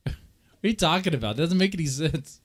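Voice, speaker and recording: A man's voice: on the high side, lively intonation, brisk. A man hosting a live reaction stream, sarcastic and impatient as he comments over a clip.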